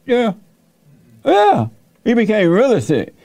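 A man's voice: a little high, animated, slow pace, darkish tone, no echo. A man hosting his show and retelling a Bible story in a folksy, plainspoken sermon style. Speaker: host and preacher.

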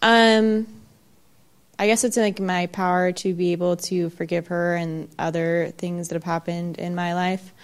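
Female guest, low voice, hesitant and soft-spoken. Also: flat delivery, measured pace, clean tone. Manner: hesitant, soft, full of fillers. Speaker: guest being counseled. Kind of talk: casual conversation.

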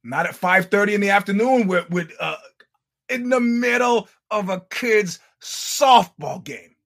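An older man hosting a podcast, telling stories in a casual, animated, profane way with laughing asides. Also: high-pitched, measured pace, creaky. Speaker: podcast host. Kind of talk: casual storytelling monologue.

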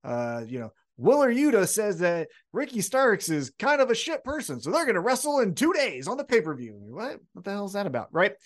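A man in relaxed podcast conversation, chatty and swearing freely. His pitch moves in wide, lively swings as he retells moments. He sounds like a co-host recapping last night's show for a friend. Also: fairly quick, hardly any pauses. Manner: chatty, recaps with acted-out quotes and profanity. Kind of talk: casual wrestling chat.

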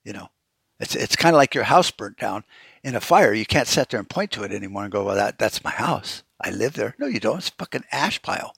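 A man's voice: mid-range voice, very animated, fast talker, gravelly, fairly bright tone, slightly rough, dry recording. A man hosting a solo podcast, ranting about politics in a blunt, profane and rambling way. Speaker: podcast host.

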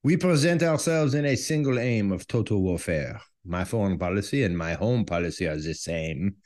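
A belligerent older French statesman, put on by a man, speaks in a heavy French accent. He declaims in grand, theatrical tones, and his pitch swoops freely. He sounds set on waging war without end. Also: lively intonation, moderate pace, darkish tone, lightly acted. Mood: declamatory.

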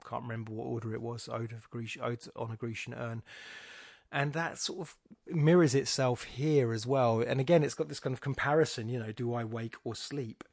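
A man's voice: medium pitch, steady tone, fairly quick, gravelly, darkish tone, no room sound, clean studio sound. A man hosting a podcast, analysing a poem aloud in a musing, discursive way with wry, self-mocking asides. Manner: musing, thinking aloud with frequent restarts. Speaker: podcast host. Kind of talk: spoken poetry analysis.

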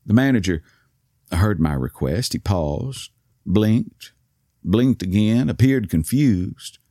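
A man with an East Texas accent telling a story in a soft voice whose words slur, courtly and wry. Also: on the low side, lively intonation, slow pace, no echo, clean studio sound. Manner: courtly, old-fashioned and wry. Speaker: podcast host. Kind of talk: storytelling monologue.

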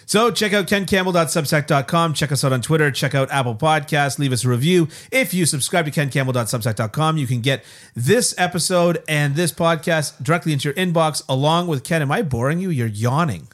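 A man co-hosting a casual hockey podcast from a garage, laid-back and quick to laugh. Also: on the high side, a bit bright. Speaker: podcast co-host.

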